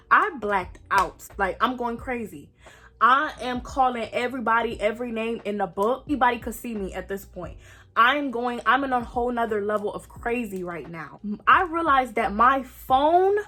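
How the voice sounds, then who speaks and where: Bright-voiced young woman telling a story. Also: fairly high pitch. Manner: dramatic retelling, acts out quotes, swears freely. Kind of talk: animated storytime.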